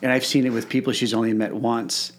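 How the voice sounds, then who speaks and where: A man's voice: mid-range voice, level tone, quick pace. A man hosts a podcast in a casual, friendly chat. He sounds agreeable and encouraging, with a mid-range voice. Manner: agreeable, encouraging, eager to prompt. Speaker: podcast host.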